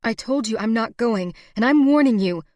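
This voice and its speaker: A woman voicing a defiant young frontier wife who speaks heatedly and forcefully. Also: fairly high pitch, animated, moderate pace, no room sound, studio quality, pitched above the performer's own voice, close to an everyday voice.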